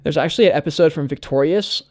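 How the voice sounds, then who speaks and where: An earnest young adult YouTuber talks to his viewers in a loose vlog monologue, leaning on "like" and casual swearing. His slightly high voice sounds close and dry, and he speaks fast with no echo.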